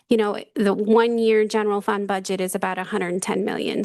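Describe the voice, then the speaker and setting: Woman steadily explaining finances. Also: mid-range voice. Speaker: college finance official. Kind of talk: meeting presentation.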